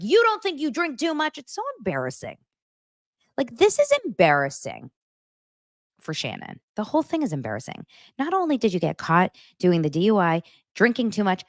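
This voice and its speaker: In her podcast, a woman casually runs through a reality show's events, animatedly mimicking the cast's lines in mocking tones. Her voice is low, and the studio-quality recording has no room sound.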